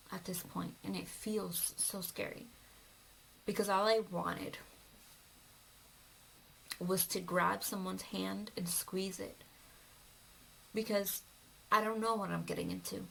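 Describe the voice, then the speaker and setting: Gravelly-voiced woman vlogger. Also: medium pitch, a bit bright, slight background noise, low-quality recording. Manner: emotional, often dropping to a whisper. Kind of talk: personal storytelling vlog.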